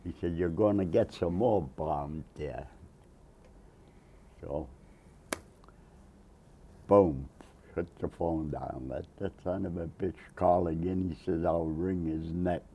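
An older man, a Navy veteran, telling an oral history story with animated quoted voices. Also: low voice, slow pace, pauses often, a little hiss or hum.

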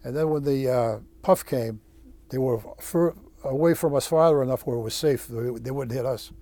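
A man, a former Marine, telling his war story in an interview, halting with many restarts and blunt swearing. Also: medium pitch, mellow, no echo. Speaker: veteran interviewee. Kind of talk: oral history storytelling.

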